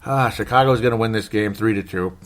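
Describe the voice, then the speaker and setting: A man talks through his thoughts in a loose, rambling way, often catching and correcting himself mid-sentence. His voice sits somewhat low, and an anxious, wry edge runs through it, with frequent small chuckles. It has the unscripted feel of a casual solo podcast host. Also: brisk. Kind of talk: casual solo sports commentary.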